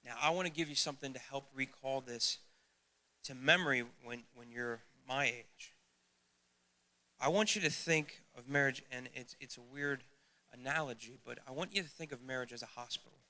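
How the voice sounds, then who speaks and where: A man's voice: mid-range voice, normal speed, pushed and bright. A middle-aged man preaching a sermon as youth pastor, earnest and emphatic, speaking straight to his listeners.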